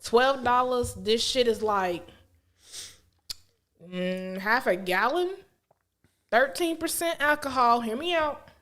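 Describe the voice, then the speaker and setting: A woman's voice: on the high side, takes it slowly, long pauses, fairly bright tone. A woman co-hosting a casual podcast, blunt and playful, laughing often as she talks. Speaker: podcast co-host. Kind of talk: casual chat.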